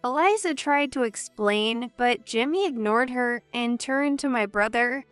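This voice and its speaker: A woman narrating a dramatic family story in the first person, in an even, measured way. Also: on the high side, dry recording, soft background music.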